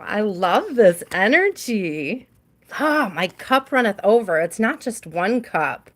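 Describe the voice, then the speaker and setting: Slow-talking woman giving live tarot readings. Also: medium pitch. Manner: chatty, laughs often, talks to viewers by name. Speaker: tarot reader hosting a live stream.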